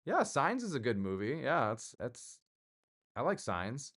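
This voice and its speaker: A man's voice: mid-range voice, wildly swooping pitch, a little slow, fairly bright tone. A middle-aged man hosting his own livestream, chatting casually in a rambling, jokey way and answering viewers. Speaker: livestream host.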